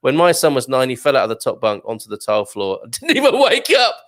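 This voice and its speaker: A man's voice: medium pitch, huge pitch swings, fast. A man hosting a live morning show, reading out viewer comments in a chatty, jokey way, full of fillers and laughs. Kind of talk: casual live chat.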